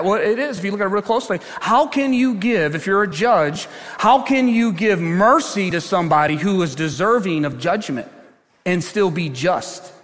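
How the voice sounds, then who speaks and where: An older man preaching a sermon as pastor, telling stories with animated swings from loud to hushed. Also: high voice, moderate pace. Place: large church. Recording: long church hall reverb.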